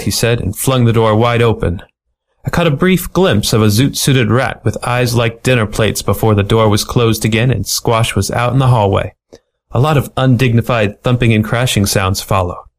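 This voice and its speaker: Man reading a noir story, deadpan. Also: on the low side, moderate pace. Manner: playful, deadpan noir delivery. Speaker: story reader. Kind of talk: storybook narration.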